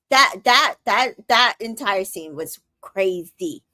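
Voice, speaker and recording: A woman's voice: mid-range voice, lively intonation, takes it slowly, few pauses, pushed and bright. A woman hosting a casual show recap, reading viewer comments aloud and giving sassy, opinionated reactions.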